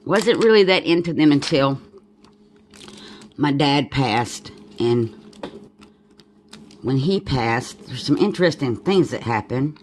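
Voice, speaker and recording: A woman's voice: very deep voice, lively intonation, takes it slowly, long pauses, a little hiss or hum. A woman with a Southern accent chatting casually while making a journal at home, thinking aloud and wandering off into asides. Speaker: crafter demonstrating a journal. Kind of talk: casual crafting chat.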